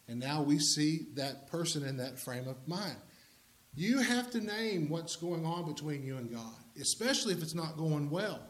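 A man preaching a sermon in a conversational way, with humorous asides to the congregation. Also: fairly high pitch.

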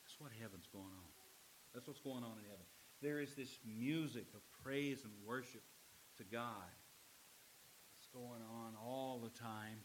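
A middle-aged man preaching a sermon as pastor. He swings from loud, emphatic lines to low, quiet ones. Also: unhurried, a little hiss or hum, poor audio.

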